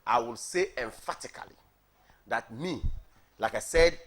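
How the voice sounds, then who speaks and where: Speaking at a measured pace, this man's medium-pitched voice is animated and fairly bright. He's a party coordinator from Ghana, debating politics heatedly on morning TV, hammering points home by repeating words and asking "are you getting me."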